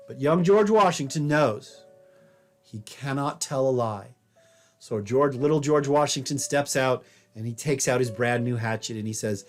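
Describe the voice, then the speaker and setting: A man's voice: mid-range voice, a little slow. A man giving a recorded history lecture as a professor, conversational and wry, telling stories along the way. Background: faint jazz piano.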